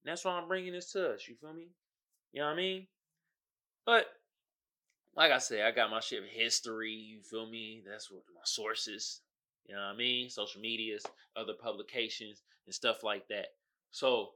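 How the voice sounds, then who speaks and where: A man hosting a casual solo podcast in African American Vernacular English, slangy and profane, swinging between muttered asides and loud outbursts. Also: mid-range voice, expressive, normal speed, long pauses. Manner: slangy and profane, keeps asking "you feel me?". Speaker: podcast host.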